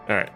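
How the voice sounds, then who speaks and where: A man streaming a video game, thinking aloud in a rambling, giggly way. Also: pushed and bright. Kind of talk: casual gameplay commentary.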